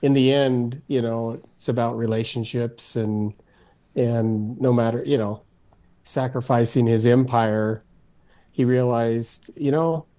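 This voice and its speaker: Male panelist, mid-pitched, halting, lots of fillers and restarts. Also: fairly even intonation, dark tone. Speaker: podcast panelist. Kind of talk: casual film discussion.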